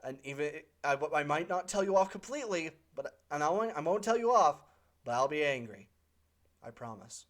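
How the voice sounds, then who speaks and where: An animated channel host answers questions from viewers at a normal speed, in a medium-pitched voice. The monologue is casual and unscripted, wandering and opinionated, with many fillers and self-corrections.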